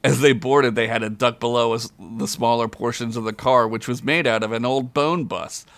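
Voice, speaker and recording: Chuckling frequently, a man reads a comedic fantasy tale for a podcast and gives the characters loud, high voices. His tone stays steady, his speed is normal, and there's no echo.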